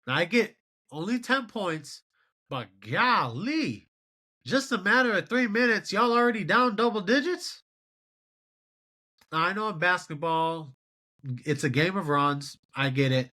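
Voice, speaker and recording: A young man in his twenties runs a solo sports show with high, bright energy. His pitch swings widely as he runs through scores and vents his exasperation in a lively rant. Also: unhurried, pauses often. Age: 20s. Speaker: podcast host.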